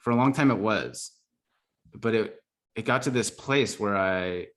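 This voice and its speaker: A man's voice: lowish voice, unhurried, a bit bright. A man telling his life story as a podcast guest, earnest and reflective, with lots of "like". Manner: earnest, reflective, full of fillers like "like". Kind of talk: casual storytelling interview.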